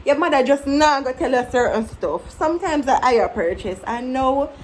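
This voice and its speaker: A woman in her twenties speaks with a Jamaican accent in a fairly high voice. She talks to camera in a candid, reflective vlog style and tells her stories with animation. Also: moderate pace, slight background noise, low-quality recording. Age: 20s. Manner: candid, animated, breaks into mimicking her younger self. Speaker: vlogger. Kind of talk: casual reflective storytelling to camera.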